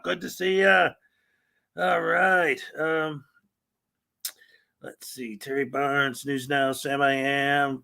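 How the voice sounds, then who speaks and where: Upbeat high-voiced male streamer. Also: flat delivery, slow, gravelly, sharp tone. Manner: rambling, upbeat, reads out chat names. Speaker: livestream host. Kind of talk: casual livestream chat greeting viewers.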